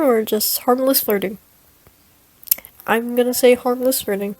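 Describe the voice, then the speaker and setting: A woman's voice: a little high, fairly even intonation, measured pace, darkish tone, low-quality recording. A young woman casually reading through a game's story, joking and commenting between dialogue lines. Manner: playful, jokey, reads dialogue aloud. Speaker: streamer reading a game story. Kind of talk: casual read-through with asides.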